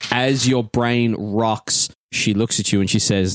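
A man narrating a tabletop game as game master, lively and often laughing. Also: on the low side, slow, few pauses.

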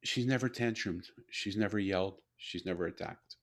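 An older man, a guest author, telling a story in a conversation, animated and often repeating and restarting his words. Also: sits low, moderate pace.

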